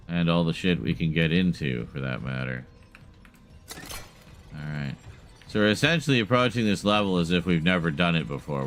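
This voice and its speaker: A man's voice: low voice, fairly bright tone. A man giving casual, chatty live commentary as he streams a horror game, wry and laughing at himself, with light swearing. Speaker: gaming streamer.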